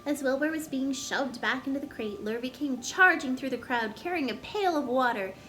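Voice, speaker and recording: A woman storyteller reading a children's chapter book aloud with gentle, expressive narration. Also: high voice, normal speed, faint music behind.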